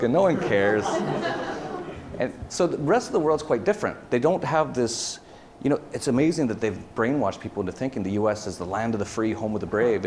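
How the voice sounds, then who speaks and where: A man's voice: fairly low pitch, a little mellow, a little hiss or hum. A man giving a casual conference talk, rambling with many fillers and restarts. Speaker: conference speaker. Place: conference hall.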